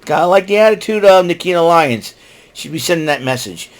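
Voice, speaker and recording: A man's voice: on the high side, expressive, fairly quick. Guy doing a solo recap podcast, rambles on, pretty opinionated, pokes fun at folks. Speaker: podcast host. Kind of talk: casual solo show recap.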